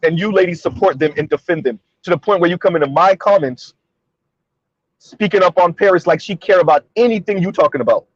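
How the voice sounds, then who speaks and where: A man's voice: high voice, brisk, no room sound, dull audio. A man hosting a commentary monologue, pressing his points with repeated rhetorical questions. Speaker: commentary video host.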